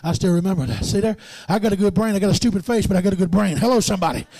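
Gravelly high-pitched preacher man. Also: rapid-fire, dry recording. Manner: call-and-response preaching, swinging from hushed asides to shouting. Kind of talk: sermon.

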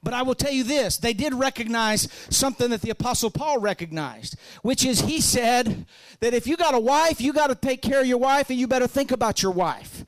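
A man preaching a sermon, folksy and joking, rising to loud fervent peaks. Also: very high voice, expressive, fairly quick, no echo. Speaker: pastor.

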